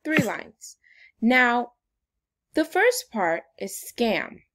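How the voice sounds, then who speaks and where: A woman's voice: on the high side, sing-song, very slow, fairly bright tone. A woman teacher giving a phonics lesson to young children in an upbeat, sing-song way.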